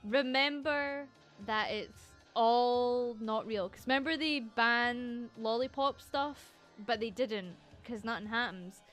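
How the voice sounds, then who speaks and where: A woman's voice: on the high side, takes it slowly, hardly any pauses, fairly bright tone, soft background music. Chatty Scottish woman, rambling and sweary. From Scotland. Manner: rambling, sweary, laughs often. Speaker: VTuber streamer. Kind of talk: casual livestream chat.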